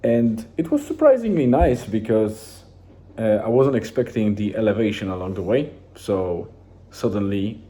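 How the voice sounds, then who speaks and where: Low, dark-voiced man rambling casually. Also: normal speed. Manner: rambling, relaxed, with many restarts and fillers. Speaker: vlogger. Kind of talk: casual daily journal vlog.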